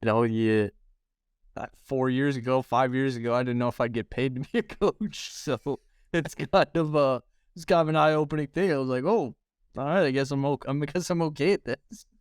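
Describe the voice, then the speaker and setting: A man's voice: medium pitch, moderate pace, clear, resonant tone, no echo, studio quality. A man who coaches baseball, chatting casually on a podcast with lots of hesitant fillers. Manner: hesitant, filler-heavy talk. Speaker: podcast host, hitting coach. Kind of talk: casual chat.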